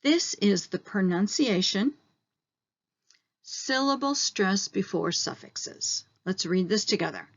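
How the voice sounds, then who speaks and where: A woman teacher explaining step by step in a recorded online lesson, slowing down on the key terms. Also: mid-range voice, animated, lo-fi sound.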